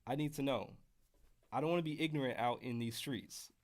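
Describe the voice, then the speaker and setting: This brisk, medium-pitched voice belongs to an American man from the United States who is teaching trumpet scales during a live-streamed music lesson. He keeps things casual and jokes around with the chat.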